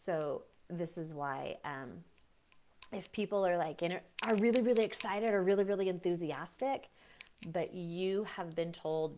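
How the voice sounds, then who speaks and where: A woman with a slightly low voice talks through a live teaching session as a breathwork coach. She is chatty and animated, often slipping into voices to act out what other people say. Her talk wanders, with fillers and restarts. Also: normal speed, a little hiss or hum.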